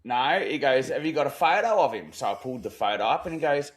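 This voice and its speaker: A man's voice: medium pitch, big pitch swings, quick pace, few pauses. An Australian man co-hosting a podcast, telling a story in a casual, swearing, slangy style and acting out the lines of the people in it. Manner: swearing, slangy yarn-telling, acts out quotes. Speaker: podcast co-host.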